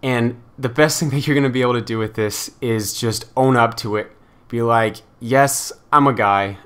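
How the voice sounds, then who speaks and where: A man's voice: mid-range voice, fairly even intonation, moderate pace. Frank rambling young man vlogging. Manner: frank, rambling, heavy on filler words. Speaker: YouTuber answering viewer questions. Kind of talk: casual Q&A vlog chat.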